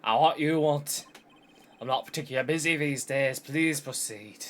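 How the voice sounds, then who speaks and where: A man's voice: fairly high pitch, a little slow, vocal fry. A man voicing a pompous elderly male lawyer in a wobbly mock-Scottish lilt, calling people "boy" and "laddie". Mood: brusque.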